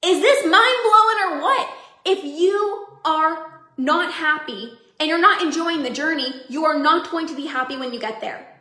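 A woman coach and podcast host giving an energetic, upbeat motivational talk to her members, often laughing. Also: high voice, moderate pace, reverberant.

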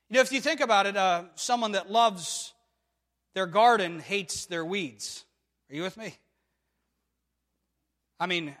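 A man's voice: high-pitched, fairly bright tone, big-room sound. A man preaching a sermon, emphatic and full of rhetorical questions to the congregation. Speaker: pastor.

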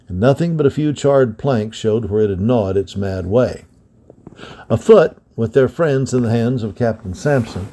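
Husky, mellow storybook narrator man. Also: mid-range voice. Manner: steady, dramatic storytelling. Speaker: storybook reader. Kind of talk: scripted narration of an adventure story.

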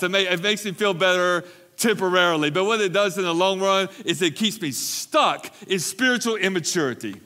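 Male pastor giving a sermon; emphatic, repeats for stress, bright and a touch high. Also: normal speed. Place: church recovery meeting.

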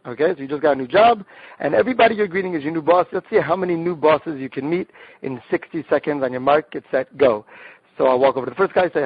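A man's voice: a little high, fast talker, breathy edge, no echo. A man, a rabbi, guest on the show, enthusiastically explaining group games step by step, often restarting his sentences. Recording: dull, dry lo-fi sound.

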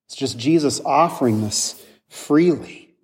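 A man's voice: medium pitch, a little slow, big-room sound. A man, a pastor, preaching a conversational sermon full of rhetorical questions.

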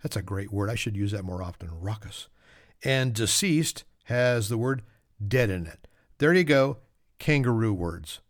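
A man's voice: fairly low pitch, expressive, a little slow. A man hosting a solo trivia podcast, reading facts with joking, self-mocking asides. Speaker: podcast host.

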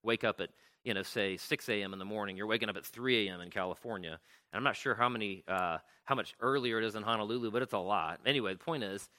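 A man with a lowish, bright, forceful voice retells a story to an audience, speaking fast. His conversational storytelling is loose and chatty, packed with fillers and restarts.

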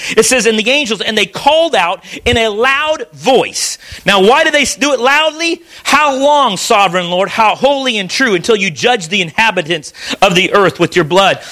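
A man's voice: very high voice, pushed and bright, rough recording. A man preaching a sermon in church, reading scripture aloud and pressing his points with emphatic restarts. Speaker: pastor.

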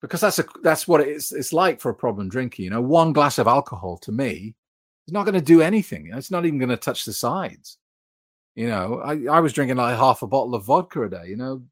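A British man hosting a live stream, chatting frankly and reading out viewer comments with plenty of fillers. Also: medium pitch. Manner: frank, conversational, many fillers. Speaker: host.

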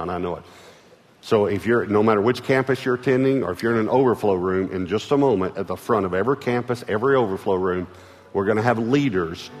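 A Texan man preaching from the stage with a lower voice that rings through a big hall. He is earnest, swings between strong calls and quiet lines, and repeats himself, with soft music under him. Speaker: pastor. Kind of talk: sermon. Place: large church auditorium.

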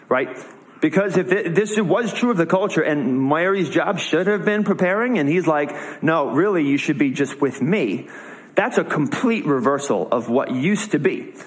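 A young man gives a relaxed, conversational sermon. His voice sits a little high. He retells the story in his own words and slips into quick voiced asides. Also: low-quality recording. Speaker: preacher. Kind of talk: casual sermon.

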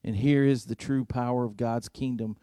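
A man preaching a storytelling sermon, earnest, moving between loud emphasis and hushed, intimate passages. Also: mid-range voice, steady tone, moderate pace, no echo, clean studio sound.

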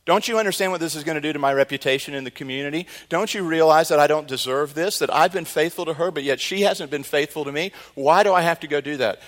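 An outraged ancient husband pleads with God in a raised, strained voice, as a preacher acts him out. He sounds loud and indignant, his pitch climbing well above the man's usual register. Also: quick pace, hardly any pauses, in a large hall, natural voice. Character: exasperated biblical husband protesting to God.

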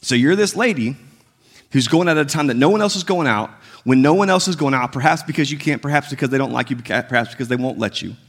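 A man's voice: mid-range voice, quick pace. A man preaching a sermon in a casual, conversational way, acting out the voices of the story as he goes. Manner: conversational, acts out biblical dialogue with shifting tones. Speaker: pastor.

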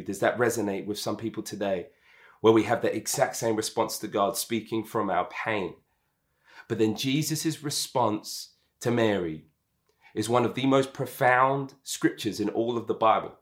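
A man preaching a sermon as pastor, swinging between soft, slow passages and emphatic, rising ones, often repeating words. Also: mid-range voice.

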